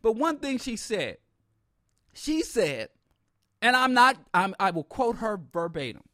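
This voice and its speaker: A man telling a humorous story in an animated, comic way with exaggerated asides. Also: sits high, unhurried, dry recording, clean studio sound.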